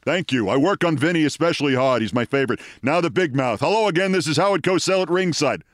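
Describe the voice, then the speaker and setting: Man putting on a gruff old Brooklyn grouch. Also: a little high, expressive, quick pace, no echo, clean studio sound, natural voice. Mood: proud.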